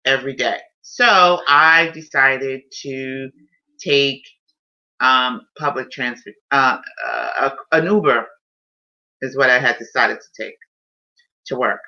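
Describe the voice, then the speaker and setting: A woman's voice: very deep voice, a little slow, bright, forceful tone. A woman hosting a casual live stream, telling a personal story in an emotional, heartfelt way. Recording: dull lo-fi stream audio.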